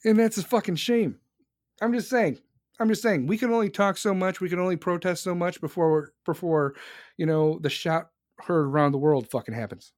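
A man's voice: a little high, fairly quick, darkish tone, dry recording, clean studio sound. A young man hosting a show, ranting angrily and profanely about politics, heated and emphatic. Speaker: podcast host. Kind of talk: angry political rant.

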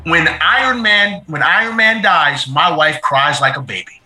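A man chatting casually on a podcast, emphatic and quick to laugh, repeating himself as he talks. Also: on the high side, expressive, pushed and bright, echoey room, low-quality recording. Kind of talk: casual chat.

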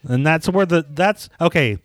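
A man co-hosting a casual chat among friends, calmly explaining a running joke for the listeners. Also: fairly high pitch, normal speed, dry recording, studio quality. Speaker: podcast co-host.

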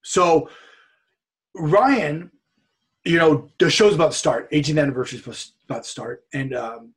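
Podcast guest: man from California, somewhat high husky voice, loose animated storyteller who acts out quotes. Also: normal speed, long pauses. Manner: rambling, animated anecdote-telling with many repeats and quoted dialogue. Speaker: interview guest, wrestler and streamer. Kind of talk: casual storytelling in a podcast interview.

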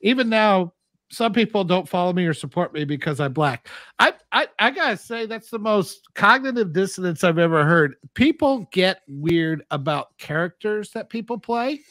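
A man co-hosting a casual panel chat, animated and quoting people as he talks. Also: high-pitched, normal speed, dry recording. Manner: animated, quotes people in put-on voices. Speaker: podcast co-host.

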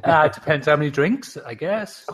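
A man's voice: a little high, lively intonation, brisk, a crowd in the background. A man co-hosting a podcast in casual chat, joking and laughing often. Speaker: podcast co-host.

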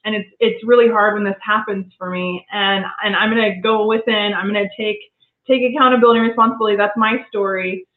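A woman's voice: medium pitch, steady tone, fast. A woman talking earnestly in a casual conversation, reflective and prone to restarting her sentences. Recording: tinny phone-line sound in an echoey room.

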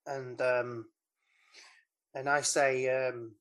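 A woman's voice: very deep voice, steady tone, slow, pauses often. Woman co-host, casual rambling film recap, giggly and loose, lots of ums. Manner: chatty, rambling, giggly recap with many fillers. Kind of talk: casual chat.

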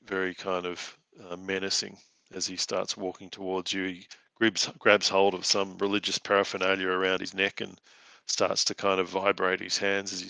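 A man narrating a tabletop game as game master. His voice is low and gravelly but bright and forceful. The sound is dry and close. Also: dry recording. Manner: halting, many fillers and restarts.

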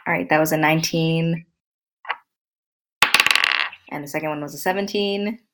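A woman playing in a tabletop game, calm and matter-of-fact about her rolls. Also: sits low, normal speed, heavy background noise. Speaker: player. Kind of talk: casual chat, tabletop game.

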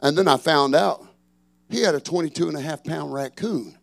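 A middle-aged man, a pastor preaching a sermon, swinging from shouted refrains to chatty storytelling. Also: fairly high pitch, moderate pace, creaky.

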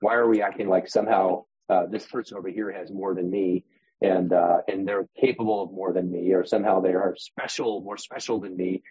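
A man's voice: deep voice, fairly even intonation, fairly quick, warm tone, breathy edge, no room sound. A man as a guest on a real estate podcast, talking animatedly and acting out voices and examples. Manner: demonstrative, acts out inner voices, uses props as metaphors. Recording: dull muffled podcast audio.

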